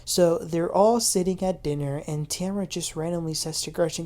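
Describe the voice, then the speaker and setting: A woman recapping a reality TV episode in a chatty, gossipy way, talking straight to her viewers as if they were friends. Her voice sits a bit low for a woman and bounces with quick asides. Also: warm tone. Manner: chatty and gossipy, addresses viewers as "you guys". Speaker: TV recap host. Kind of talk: casual reality-show recap.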